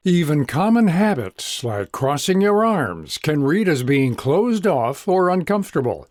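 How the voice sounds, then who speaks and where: Lively higher-voiced male radio host. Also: unhurried, no room sound, studio quality. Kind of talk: scripted narration.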